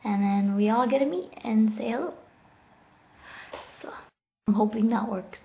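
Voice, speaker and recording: A woman's voice: on the high side, measured pace, gravelly, mellow, lo-fi sound. Giggly woman chatting on a late-night livestream. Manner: chatty and giggly, reads questions aloud before answering. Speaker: livestreamer answering viewer chat. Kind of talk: casual late-night live chat. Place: at home, sitting on the floor. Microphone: laptop microphone.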